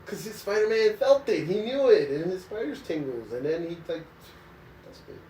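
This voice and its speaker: An animated man chatting on a couch, his pitch leaping all over as he laughs and acts things out. He sounds a little away from the mic, in a roomy, echoey space. The talk is loose and casual. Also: moderate pace, slight background noise. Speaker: co-host. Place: living room couch. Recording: echoey room, mic at a distance.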